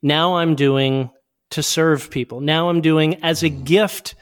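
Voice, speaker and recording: A man's voice: a little high, steady tone, takes it slowly. A man being interviewed as a guest, speaking earnestly and picking up speed when recounting stories. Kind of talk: conversational interview.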